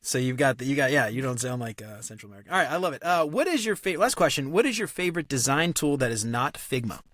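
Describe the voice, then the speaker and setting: Fast-talking upbeat male host. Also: medium pitch, big pitch swings, fairly bright tone, dry recording, studio quality. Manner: upbeat, quick, chatty with stammered restarts. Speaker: podcast host. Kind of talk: casual conversational interview.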